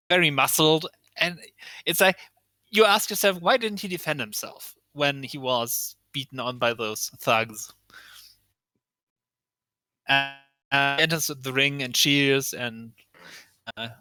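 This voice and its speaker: A male game master narrating a tabletop game slowly and with many pauses. His voice is bright and smooth, and the recording is dry and close. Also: medium pitch, no room sound. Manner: unhurried, with frequent ums and laughs.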